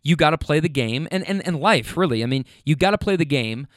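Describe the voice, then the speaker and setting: A podcast host tells stories casually, rambling and swearing, with restarts and fillers along the way. His voice runs on the high side, animated and brisk, in clean studio sound with no echo.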